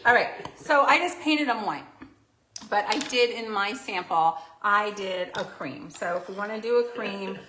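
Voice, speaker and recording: Speaking a little slowly in a mid-range voice, a woman hosts a live painting tutorial in an indoor craft studio under filming lights. She's chatty and self-deprecating, laughing easily while walking through her steps. The recording has a roomy echo and faint noise.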